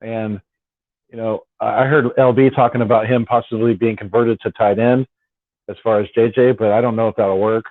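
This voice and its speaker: A man's voice: lowish voice, fairly even intonation, normal speed, no room sound. A man hosting a casual late-night fan live stream, rambling and repeating his words as he talks. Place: at home on the West Coast. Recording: dry, tinny phone-like sound.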